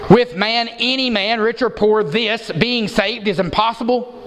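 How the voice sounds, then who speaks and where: A man's voice: sits high, measured pace, a bit bright, big-room sound, rough recording. A man preaching an expository sermon, emphatic and given to repeating words for stress.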